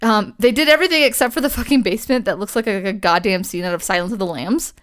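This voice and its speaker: A woman's voice: medium pitch, quick pace, fairly bright tone. Chatty, swearing young woman storyteller. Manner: chatty, swears a lot, many fillers. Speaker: podcast co-host. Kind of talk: casual chat, telling a ghost story.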